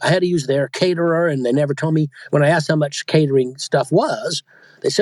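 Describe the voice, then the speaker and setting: A man with a fairly high voice chats loosely as an interview guest, restarting his thoughts and circling back as he explains. The sound is dry and close, with no room around it. He comes across as an audiobook narrator and coach talking shop. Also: normal speed, darkish tone, no room sound. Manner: rambling, self-interrupting, chatty. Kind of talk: casual interview chat.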